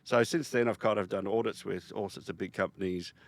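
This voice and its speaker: Low-voiced man, emphatic guest storyteller. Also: a little fast, no echo. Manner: animated, emphatic storytelling with many restarts. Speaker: podcast guest, software founder. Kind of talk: casual interview talk.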